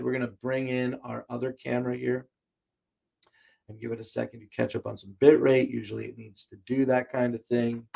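A man's voice: medium pitch, creaky, darkish tone. A man hosting a livestream shopping show from a home studio, chatting casually and rambling with many fillers, his voice strained and breaking. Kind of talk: casual livestream product chat. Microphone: desk microphone, more than an arm's length away.

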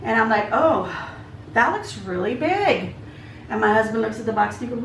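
A woman's voice: fairly high pitch, expressive, normal speed, vocal fry, recorded from a distance, a little hiss or hum. Chatty woman vlogging in her kitchen. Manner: chatty, rambling with many asides. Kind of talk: casual storytelling while cooking. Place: home kitchen. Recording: echoey kitchen, voice from off-mic.

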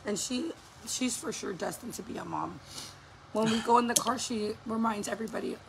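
A woman's voice: fairly high pitch, normal speed, creaky, noisy background. A woman in her thirties, a mother, telling a story in a casual vlog, cursing and acting out what people said. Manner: animated, profane, acts out quotes. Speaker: mother vlogger.

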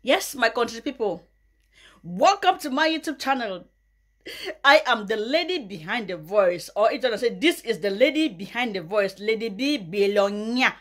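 Nigerian woman, young adult, mocking gossip vlog, bursts of loud laughter, slightly high voice. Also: very animated, normal speed. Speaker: YouTuber. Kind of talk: mocking gossip commentary in Pidgin.

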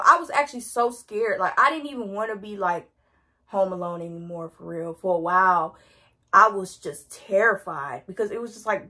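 Young woman, casual storytime vlog, lively swooping pitch, breathy. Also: moderate pace. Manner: animated, slangy, dramatic retelling. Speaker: vlogger.

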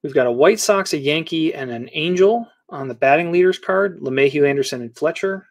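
A man's voice: on the high side, expressive, brisk. A middle-aged man hosting a casual live card break, rattling off player names and teams as he opens packs.

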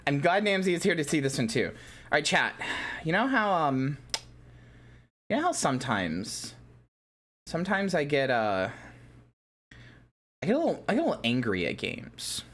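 A woman streamer chatting with her viewers, excitable and giggly, swearing a lot and bursting into shouts. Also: low-pitched, moderate pace, long pauses. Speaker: VTuber streamer. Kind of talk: casual live-stream chat with viewers.

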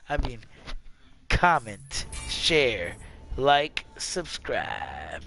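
A man's voice: medium pitch, creaky. A man giving casual gameplay commentary, joking, rhyming and making silly noises as he plays. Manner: playful, breaks into rhymes, meows and sound effects. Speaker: gaming channel host. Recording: voice over loud game music. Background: game music.

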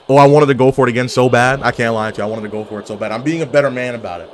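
A man commentating his own online wrestling game, jokey and excitable, full of trash talk, swearing and wrestling slang. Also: medium pitch, rapid-fire, hardly any pauses, slight background noise. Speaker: gaming video creator.

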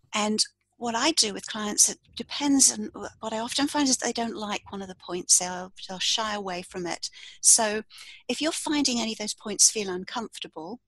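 A woman coach leading a calm, step-by-step tapping demonstration, saying the tapping phrases aloud as she explains each point. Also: mid-range voice, dry recording, poor audio. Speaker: coach and tapping practitioner, podcast guest.

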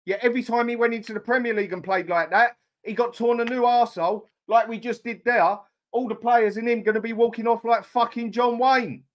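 A man's voice: very high-pitched, fairly even intonation, brisk, hardly any pauses. Sweary, fuming man ranting. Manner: furious, sweary, blunt. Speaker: fan channel host. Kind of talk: angry live-stream football rant.

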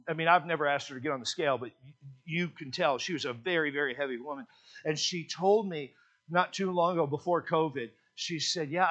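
Male pastor, high voice, folksy humorous sermon delivery in church. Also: lo-fi sound. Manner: folksy, joking storyteller with lively emphasis.

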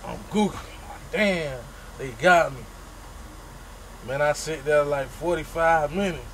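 A man telling a funny story about himself in a casual, profane, animated way, making his own sound effects. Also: a little high, slow pace, slight background noise, low-quality recording.

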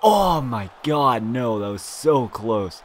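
A young man giving live gameplay commentary for his channel, swinging from low grumbling frustration to loud excited shouting, with frequent swearing. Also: takes it slowly, a little hiss or hum. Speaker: gaming YouTuber.

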